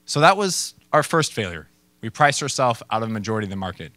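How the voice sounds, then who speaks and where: A man gives a casual, animated talk to an audience, full of fillers and acted-out voices. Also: lowish voice, fast. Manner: animated storyteller, acts out people in funny voices. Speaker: startup founder giving a talk.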